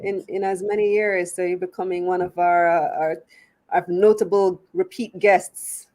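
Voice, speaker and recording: A woman's voice: on the low side, fairly even intonation, normal speed, darkish tone. Chatty Jamaican woman hosting business show. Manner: chatty, upbeat, laughs easily. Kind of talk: live-streamed business interview.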